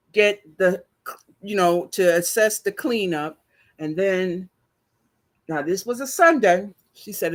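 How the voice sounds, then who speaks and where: An older woman, telling a story to her viewers in a slow, chatty, emotional way, teary and sniffling. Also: on the low side. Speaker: vlogger.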